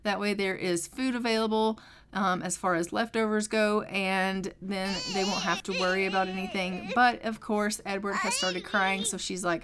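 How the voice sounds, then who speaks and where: A woman's voice: medium pitch, steady tone, moderate pace, fairly bright tone, slight background noise. A woman casually narrating her gameplay in a chatty, rambling way with frequent ums. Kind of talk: casual let's-play narration.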